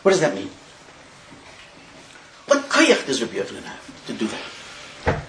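A man teaching a Talmud class, telling the story in an animated way and mixing in Hebrew terms. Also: medium pitch, a little slow, a little hiss or hum. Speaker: Torah teacher. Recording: echoey room.

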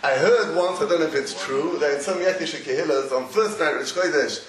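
Male lecturer, high pitch, halting and animated, echoey room. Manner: animated, halting with repeated restarts, laughs often. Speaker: Torah teacher. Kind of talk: Talmudic lecture. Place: echoey room with a live audience. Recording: roomy echo, faint noise.

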